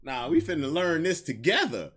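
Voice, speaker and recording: A man's voice: on the high side, huge pitch swings, normal speed, fairly bright tone, slightly rough. A man hosting a podcast stream, tipsy, chatting loosely in slang while fiddling with a guitar. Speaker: podcast host. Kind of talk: casual livestream chat. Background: guitar strumming.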